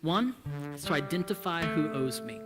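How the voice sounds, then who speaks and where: Impassioned preacher in a reverberant hall. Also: male voice, a little high, animated, moderate pace, over loud music. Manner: impassioned, swings between hushed and loud. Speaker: pastor. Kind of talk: sermon.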